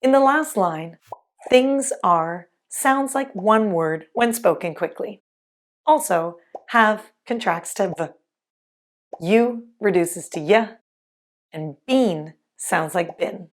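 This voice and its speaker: A woman teaching English pronunciation in a scripted lesson, speaking carefully and enunciating clearly. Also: medium pitch, takes it slowly.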